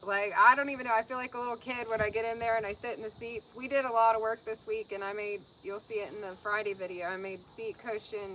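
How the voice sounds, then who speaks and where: A woman co-hosting a casual live chat, bubbly and excitable. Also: fairly high pitch, fast, few pauses, poor audio. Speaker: co-host of a car-build channel. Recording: faint outdoor insect noise.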